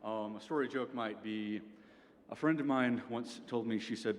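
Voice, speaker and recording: A man's voice: medium pitch, moderate pace. Young man giving a dry comic talk. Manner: dry comic delivery, tags points with "okay?". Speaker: speaker at a student event. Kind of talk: comic presentation. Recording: reverberant hall, faint background noise.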